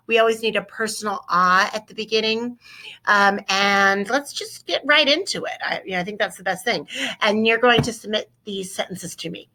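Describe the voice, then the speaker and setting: A woman walks her students through a Spanish grammar lesson recorded at her computer. Her voice is bright and forward, and she keeps an upbeat coaching tone, often putting questions to the class. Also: mid-range voice. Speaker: Spanish teacher. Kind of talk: recorded screen-share lesson.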